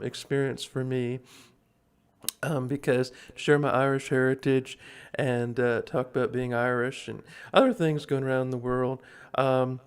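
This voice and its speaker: A man hosting a casual livestream, rambling and halting with many fillers and chuckles. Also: mid-range voice, a little mellow, clean tone. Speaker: livestream host.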